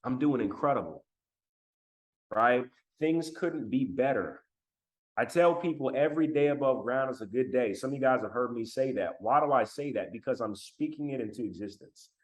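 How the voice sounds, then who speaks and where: A man's voice: mid-range voice, a little fast, hardly any pauses. Emphatic man giving a livestream talk. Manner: emphatic, repeats phrases, addresses chat directly. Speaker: motivational speaker. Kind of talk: live-streamed motivational talk. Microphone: laptop mic.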